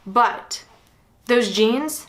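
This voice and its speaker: Bright, earnest young woman giving advice. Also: on the high side, extremely slow. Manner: earnest, encouraging, speaks straight to the viewer. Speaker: fitness coach. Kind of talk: direct-to-camera advice talk.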